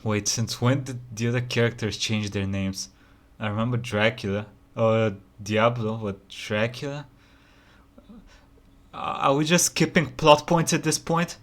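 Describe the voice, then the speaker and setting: A man's voice: mid-range voice, unhurried, slight background noise. A man hosting a reaction video, ranting incredulously with rhetorical questions in casual commentary.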